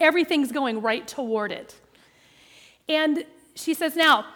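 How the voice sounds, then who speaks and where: A woman telling an animated, playful story to an audience, with quick jumps into the voices of people in it. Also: sits high. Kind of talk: lively storytelling talk. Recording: long hall reverb.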